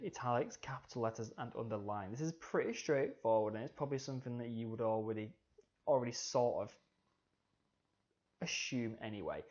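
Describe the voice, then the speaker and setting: Relaxed male teacher, lo-fi audio. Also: mid-range voice. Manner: relaxed, says "okay" often, talks to students directly. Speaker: media studies teacher. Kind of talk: recorded slide lecture. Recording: slightly dull lo-fi audio.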